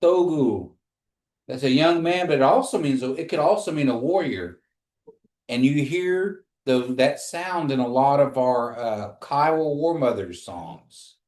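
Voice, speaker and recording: A man teaching a language class, speaking slowly and patiently and repeating phrases for his students to say back. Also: mid-range voice, lively intonation, darkish tone, reverberant.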